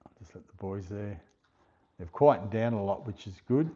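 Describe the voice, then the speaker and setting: A man's voice: lowish voice, expressive, mellow, slightly rough. An Australian man hosting a casual livestream, chatting unhurriedly, reading out viewer comments and thanking each viewer by name. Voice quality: unhurried, slower speaking. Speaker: livestream host. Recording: dull lo-fi stream audio.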